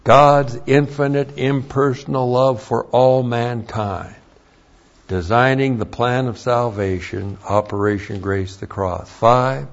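Slow, emphatic male Bible teacher. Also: medium pitch. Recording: dull lo-fi recording.

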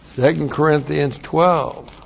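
Male preacher, unhurried delivery, dull muffled recording, plain asides between scripture readings. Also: creaky, breathy edge. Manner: reads scripture aloud, then explains in plain asides; grows louder and higher when excited. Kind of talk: sermon.

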